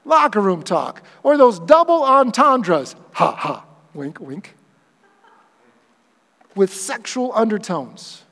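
High-voiced pastor preaching in a reverberant hall. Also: male voice, takes it slowly, long pauses. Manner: animated preaching, acts out quoted voices for humor. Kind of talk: sermon.

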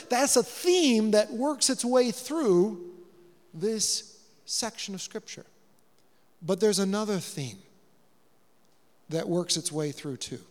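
A pastor with a fairly high voice preaches a sermon, telling the story with real animation and acting out every line of dialogue. His voice rings through a hall with a long reverb tail.

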